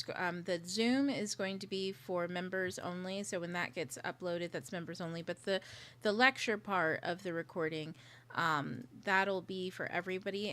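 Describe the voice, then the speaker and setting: A woman with a slightly low voice hosts a casual livestream, chatting loosely and thinking aloud as she sorts out her setup. She drops now and then into whispered asides to herself. Clear clicking noises sit under her voice. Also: fairly bright tone, slight background noise. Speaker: livestream host.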